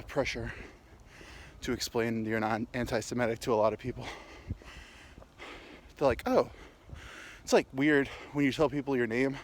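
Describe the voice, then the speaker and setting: Podcast host, male, candid and crude, talking while he walks uphill, a little winded, faint noise outside. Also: medium pitch. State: slightly winded, walking uphill. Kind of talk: rambling comic monologue. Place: outdoors, walking.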